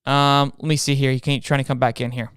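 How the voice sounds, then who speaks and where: A young man hosting a casual sports talk stream, energetic and repeating his words as he goes. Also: medium pitch, quick pace, smooth, no echo, studio quality. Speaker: host.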